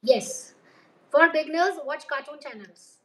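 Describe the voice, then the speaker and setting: A woman's voice: high voice, a little slow, poor audio. A woman with an Indian accent, an English teacher giving emphatic advice as an interview guest. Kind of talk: casual interview chat.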